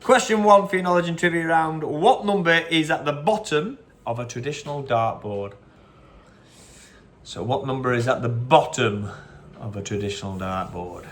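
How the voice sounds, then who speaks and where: A man's voice: mid-range voice, moderate pace, a bit bright. A man hosting a casual pub-style quiz, reading each question twice and drifting into short anecdotes, recorded on a phone. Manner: chatty, repeats each question, wanders into anecdotes. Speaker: quiz host.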